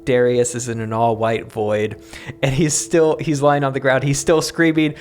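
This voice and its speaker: A man co-hosting a podcast, telling an improvised comedy story with animated voices. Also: medium pitch, moderate pace, soft background music. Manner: animated, jumps into loud voices for characters. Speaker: podcast co-host.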